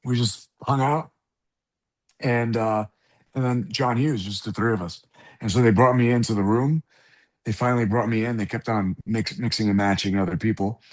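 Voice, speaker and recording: A middle-aged man from the South Bronx telling an animated, profane story as an interview guest, acting out the people in it. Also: lowish voice, moderate pace. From South Bronx, New York. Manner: animated, profane, acts out voices in anecdotes. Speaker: guest actor.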